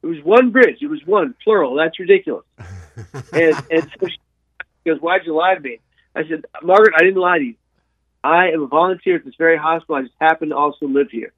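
A man telling a long personal story in an interview, animated, with frequent restarts and repeated words. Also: fairly high pitch, fast talker, dry recording. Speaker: guest sharing his life story. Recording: dry tinny phone-like sound.

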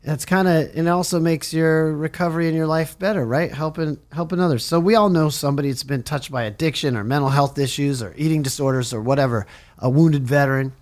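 A man's voice: a little high, fast talker, a little mellow. Chatty, enthusiastic radio host guy. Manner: enthusiastic, rambling, jokey. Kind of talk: casual interview chat. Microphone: studio mic, on camera.

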